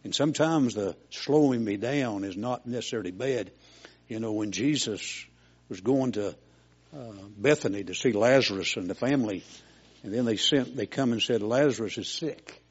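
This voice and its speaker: Husky older preacher, folksy sermon. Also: male voice, on the low side, normal speed, lo-fi sound. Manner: folksy, homespun storytelling.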